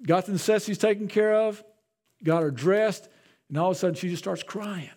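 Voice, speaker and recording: A man's voice: high-pitched, a little fast, a little mellow. A man, a pastor, preaching a sermon in a conversational way, often repeating his words.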